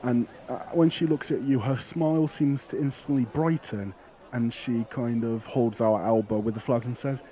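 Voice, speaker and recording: Mellow-voiced man running a tabletop game. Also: mid-range voice. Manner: relaxed, halting, with many fillers and restarts. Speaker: game master.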